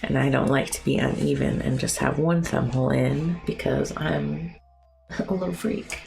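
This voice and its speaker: Her bass voice has big pitch swings, a creaky texture and a moderate pace. In her thirties, she paints live, chats with viewers in a self-mocking way and addresses chat between brushstrokes over soft music.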